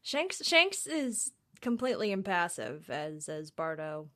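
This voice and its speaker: Slow-talking bright woman. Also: fairly low pitch, big pitch swings. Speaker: podcast co-host. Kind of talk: casual recap chat.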